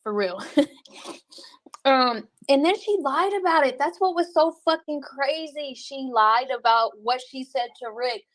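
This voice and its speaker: A woman livestreaming and reading her chat, talking bluntly with lots of cursing and quick laughs. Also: high-pitched, a bit bright, no room sound. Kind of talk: casual livestream commentary.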